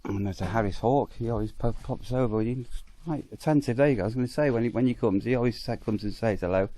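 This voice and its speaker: A man's voice: fast, dark tone. Man chatting on a farm walk. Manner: chatty, talks fondly to animals in a higher voice. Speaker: vlogger touring a farm park. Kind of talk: casual walking commentary. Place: outdoors at an animal farm park.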